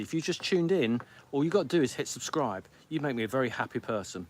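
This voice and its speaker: A middle-aged man hosting a live stream from home, grumbling and pleading with theatrical exasperation. He rattles along at an auctioneer's clip in a mid-pitched voice. There is a faint hiss of background noise. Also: animated. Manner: grumpy, theatrical, pleading with viewers; rapid-fire like an auctioneer. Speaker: podcast host on live stream. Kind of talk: casual live-stream chat.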